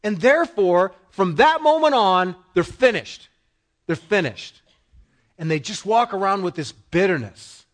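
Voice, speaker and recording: Middle-aged male pastor, emphatic sermon delivery, repeats lines for weight, slightly high voice. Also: animated, unhurried. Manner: emphatic, acts out quoted voices, repeats phrases.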